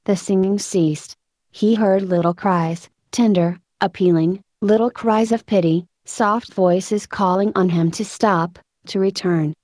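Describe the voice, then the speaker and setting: A woman narrating a story in a steady, measured reading voice. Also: medium pitch, no echo. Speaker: audiobook narrator.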